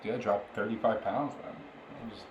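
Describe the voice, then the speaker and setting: A man's voice: fairly low pitch, steady tone, normal speed, highs cut off. Laughing young man telling a story. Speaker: podcast co-host. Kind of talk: casual chat, storytelling. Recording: roomy, with faint background noise.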